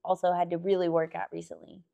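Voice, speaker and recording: A woman's voice: fairly low pitch, little pitch movement, quick pace, creaky, mellow. A young woman in casual podcast chat, chatty, laughing often, trailing off and restarting. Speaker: podcast co-host, engaged to a host.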